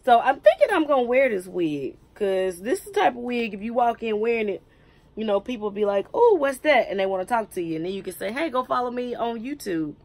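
A woman's voice: medium pitch, expressive, fast, darkish tone. A woman, chatting to camera in a wig review vlog, joking and teasing herself. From United States. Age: 30s. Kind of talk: casual chat to camera.

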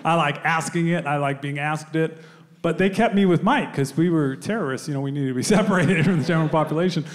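A middle-aged man telling a story in stand-up, acting out the other voices with big jumps in pitch, with audience laughter. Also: fast talker. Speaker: stand-up comedian. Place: comedy club stage.

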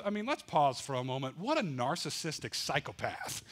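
A man preaching a storytelling sermon with a somewhat high voice. He swings from hushed narration to loud, fast bursts, full of drama. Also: sing-song. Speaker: pastor.

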